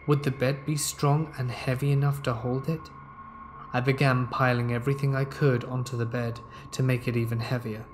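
A man reading a first-person horror story aloud in a calm, measured way, as the narrator of a scary story show. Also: medium pitch, a little hiss or hum. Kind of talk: scripted narration of horror stories.

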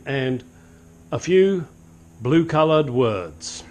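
A man's voice: a little high, big pitch swings, takes it slowly, darkish tone. A man hosting a casual car repair vlog, talking in a dry, teasing, joking way.

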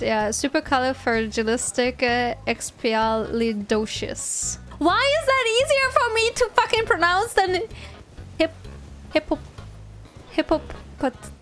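A woman streaming a game, chatting casually, often laughing, tripping over words and yelling in frustration. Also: on the high side. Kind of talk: casual live-stream chat.

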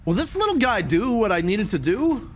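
A man giving casual gameplay commentary as a streamer, joking crudely and breaking into sudden shouts. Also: sits high, very animated, normal speed, faint music behind. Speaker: gaming streamer.

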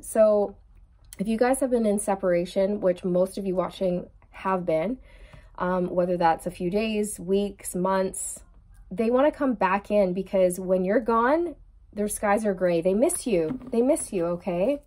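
A woman's voice: medium pitch, unhurried, mellow. A young adult woman giving a chatty tarot reading straight to her viewer, laughing often and calling her girl. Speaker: tarot reader.

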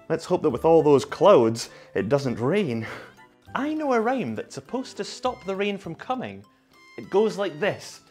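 Animated man leading kids. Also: high-pitched, normal speed, faint music behind. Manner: animated, sing-song, coaxing call-and-response. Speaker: children's movement session leader. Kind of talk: guided movement lesson for young children.

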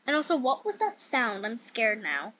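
Brief: high-pitched woman rambling through a building game, self-mocking and giggly. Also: wildly swooping pitch, normal speed, a bit bright, no room sound, muffled recording. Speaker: game YouTuber. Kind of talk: casual gameplay commentary.

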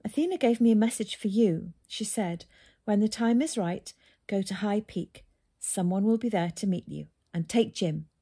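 A woman voicing a shy, gentle female hare who speaks softly and hesitantly in a storybook reading. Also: medium pitch, moderate pace, breathy edge. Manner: soft, hesitant, embarrassed.

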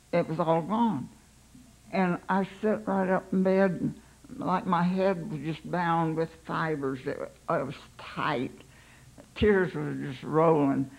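Gravelly older woman telling her story. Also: lowish voice, low-quality recording. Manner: unhurried, halting, recounts her thoughts aloud. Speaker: pastor's wife. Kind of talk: personal life story.

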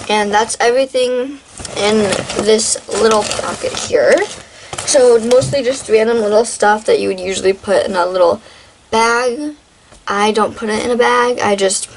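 A teenage girl vlogger chats in a rambling show-and-tell video, full of fillers and restarts. Her voice is medium-pitched, and the rough recording has slight background noise.

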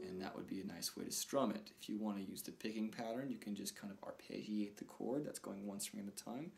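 A man's voice: on the low side, fast talker, creaky, hardly any pauses. A man giving a casual guitar lesson, counting beats aloud and calling out chords as he plays. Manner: relaxed, counts beats aloud over strumming. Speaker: guitar teacher. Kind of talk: casual instructional talk. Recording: talk over loud acoustic guitar.

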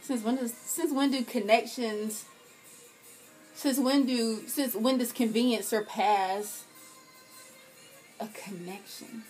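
A young woman with a fairly high voice in a comedic vlog rant. She is profane and theatrical, flipping between loud outbursts and quiet, wounded asides. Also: steady tone, takes it slowly, faint music behind. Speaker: vlogger.

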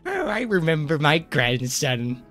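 A man putting on a slow, quavering old grandmother voice as a joke while gaming. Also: a little high, huge pitch swings, sharp tone, heavily acted. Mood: boastful. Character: doddering old grandma, boastful.

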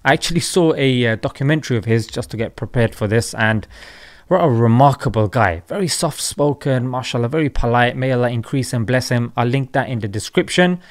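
A man's voice: mid-range voice, fairly quick. A young man hosting a satirical commentary vlog. He mocks and jokes, with emphatic asides. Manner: mocking, jokey, with emphatic asides. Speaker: channel host.

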